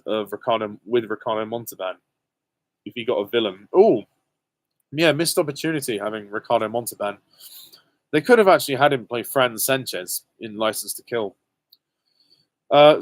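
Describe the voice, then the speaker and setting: A man's voice: mid-range voice, no echo. Hesitant young British man, dry sound. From Britain. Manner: hesitant, many ums, candid and self-deprecating. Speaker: channel host answering viewer questions. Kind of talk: casual live Q and A.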